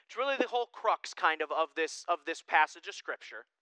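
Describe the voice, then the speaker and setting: A man preaching a sermon as pastor, emphatic and animated, with joking asides to his congregation. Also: fairly high pitch, a little fast, clean tone, dry recording.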